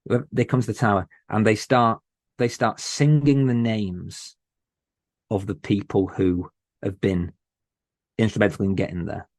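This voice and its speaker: A man guest on a podcast, talking in an earnest, emotional way with many halting restarts. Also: on the low side, steady tone, darkish tone, no echo, studio quality. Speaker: podcast host, interview guest. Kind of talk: casual interview chat.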